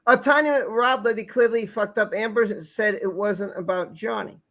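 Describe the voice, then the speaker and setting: A man's voice: sits high, moderate pace, fairly bright tone. A man hosting a live stream, asking rhetorical questions in a repetitive, casual way.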